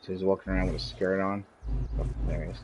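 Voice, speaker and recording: A man's voice: low voice, flat delivery, fast, noisy background. A man streaming a game and chatting casually, telling rambling, profanity-laden stories. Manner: swears a lot, rambling storyteller. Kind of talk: casual chat while gaming.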